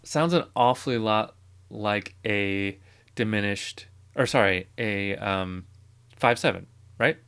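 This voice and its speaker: A man's voice: on the low side, slow, clear, resonant tone. A man teaching music theory in a casual lecture, thinking aloud and correcting himself as he goes. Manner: relaxed, thinking aloud with fillers and self-corrections.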